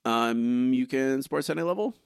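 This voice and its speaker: A man reads listener reviews on a casual podcast with a wry delivery. His pitch moves around a lot. The recording is dry and close. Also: lively intonation, fairly quick, gravelly, smooth, no echo. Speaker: podcast co-host.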